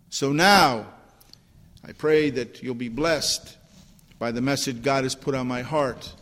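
A male pastor delivering a sermon, his voice rising and pushing hard on key points and dropping low and quiet in prayer. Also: in a large hall. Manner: rises in pitch and force when preaching, drops low in prayer. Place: church sanctuary.

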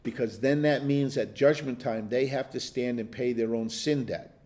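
Teaching the Bible in a conversational way, an older man tells rambling stories with plenty of chuckles and restarts. His voice is medium in pitch and a little mellow, at a normal speed.

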